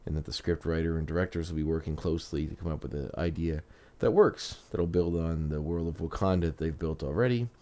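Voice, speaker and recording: A man's voice: extremely low pitch, brisk, a little mellow. A man hosting a podcast, chatting casually with rambling restarts, then narrating a story. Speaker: podcast host.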